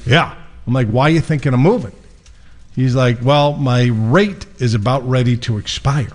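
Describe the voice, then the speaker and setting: A man hosting a radio show, casually telling a lively story and acting out both sides of the conversation. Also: mid-range voice, normal speed. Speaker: radio show host and mortgage lender.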